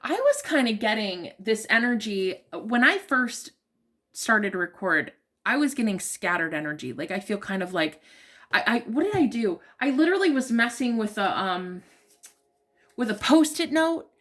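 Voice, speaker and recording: A woman's voice: fairly high pitch, sing-song, moderate pace, a bit bright. A woman giving a casual tarot reading to her viewers, talking straight to them in a chatty, emotionally open way with plenty of fillers. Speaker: tarot reader.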